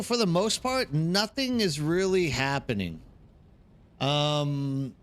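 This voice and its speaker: A man's voice: a little high, fairly bright tone. A man chatting casually on a live stream while gaming, rambling and reacting to chat. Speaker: streamer hosting a watch party.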